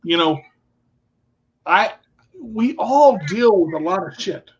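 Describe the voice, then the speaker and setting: A man's voice: high-pitched, expressive, slow pace, husky. A man co-hosting a casual podcast, telling stories with crude jokes. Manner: joking, crude humor. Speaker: podcast co-host. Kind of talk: casual chat. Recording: dull lo-fi sound.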